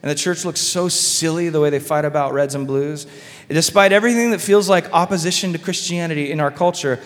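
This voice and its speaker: A man's voice: fairly high pitch, brisk, long reverb tail. A man preaching a sermon as pastor, casual and conversational, full of fillers and asides. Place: church sanctuary.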